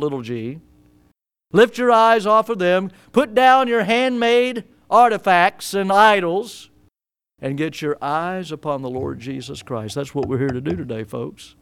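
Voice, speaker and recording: A man preaching a sermon, swinging between loud, emphatic exhortation and quiet, intimate asides. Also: a little high, clean tone, dry recording.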